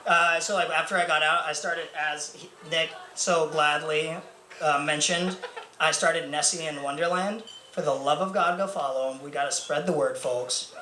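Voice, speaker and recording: A man's voice: a little high, fairly even intonation, normal speed, sharp tone. A young man performing a stand-up comedy set, rambling and self-mocking with lots of fillers. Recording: echoey club room with faint noise.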